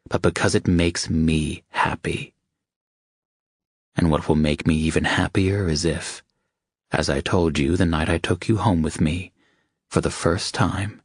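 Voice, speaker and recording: A commanding, protective man, voiced by a male narrator, blunt and firm. He swears freely. His very low voice is recorded dry and close, as in an audiobook. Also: husky, dry recording, heavily acted. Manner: firm, serious, profane.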